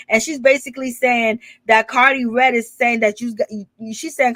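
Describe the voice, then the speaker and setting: A woman recaps reality TV drama in a loose, chatty way, laughing often and playing out what each person said. Her voice sits a little high and sounds bright and forward. The recording is dry and close. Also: normal speed, dry recording. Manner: animated retelling with quoted dialogue. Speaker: gossip channel host.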